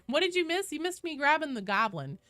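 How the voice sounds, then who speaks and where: A woman's voice: high-pitched, sing-song, brisk, a bit bright, no room sound. A young woman streaming a game from her home office, chatting casually with her viewers and reading out the queue. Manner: chatty, talks to chat and her cat. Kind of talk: casual live-stream chat. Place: home office with door closed.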